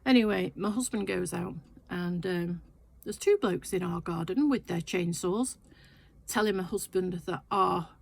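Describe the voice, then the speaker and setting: Speaking a little slowly in a lowish, creaky voice, an older sewing vlogger rambles through a casual anecdote in her sewing shed, full of chatty asides.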